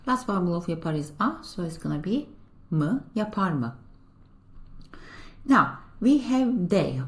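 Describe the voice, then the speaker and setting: A woman teaching a beginner language lesson, explaining grammar step by step in a patient way and repeating example sentences slowly. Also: medium pitch, darkish tone.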